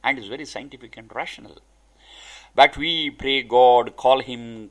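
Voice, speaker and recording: A man giving a spiritual discourse, speaking deliberately in short emphatic phrases. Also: medium pitch, a bit bright. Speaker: spiritual teacher.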